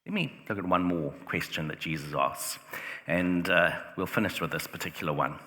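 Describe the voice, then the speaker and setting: A deep-voiced man delivers a sermon with a forceful, bright edge to his speech. He talks conversationally and leans on "like" and rhetorical questions. The sound rings with the long reverb of a church hall. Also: animated, normal speed. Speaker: preacher.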